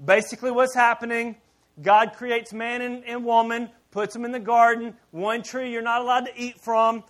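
A man preaching a sermon in church as pastor, animated and joking with the congregation. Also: very high voice, moderate pace.

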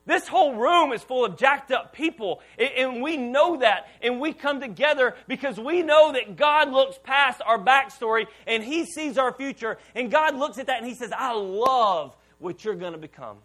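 A man in his thirties preaching a sermon as pastor to a church congregation, casual and animated, leading the room in call-and-response. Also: very high voice, normal speed, few pauses. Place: church auditorium before a congregation.

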